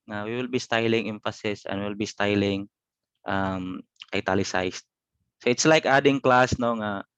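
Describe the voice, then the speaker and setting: A man with a Cebuano accent teaching a web design lesson, switching between English and Cebuano and often pausing on fillers as he thinks aloud. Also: fairly low pitch, fairly bright tone, smooth, no echo. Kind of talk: live coding lesson. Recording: dull lo-fi dry sound.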